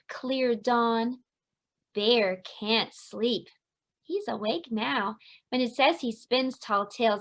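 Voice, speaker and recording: A woman teacher reads a picture book to small children at a slow, careful pace. Her voice sits fairly high, and she pauses to point things out on the page. Each line is read with clear expression. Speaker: preschool teacher. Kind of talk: circle-time picture book reading.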